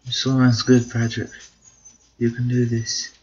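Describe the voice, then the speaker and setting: A man's voice: medium pitch, monotone, moderate pace, dull audio. Man cheering on his game duck. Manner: puts on a mock British accent. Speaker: gamer, video host. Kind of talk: casual gameplay commentary.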